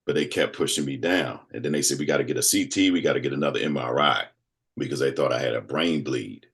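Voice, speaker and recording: A man in his fifties, a guest telling a personal story in casual conversation, animated and acting out other people's voices. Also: extremely low pitch, fast, creaky. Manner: animated storyteller who acts out quoted voices.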